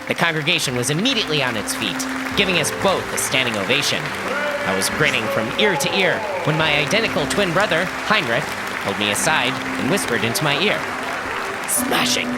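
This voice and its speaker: Animated male storyteller over music. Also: on the high side. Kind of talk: scripted first-person narration. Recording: music playing underneath.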